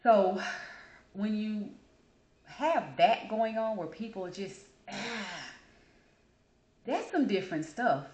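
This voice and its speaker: A woman, hosting her channel and telling a story in a casual, animated way while she acts out the people in it. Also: takes it slowly, long pauses, muffled recording. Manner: animated, acts out quotes with big pitch jumps. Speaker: channel host. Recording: echoey room.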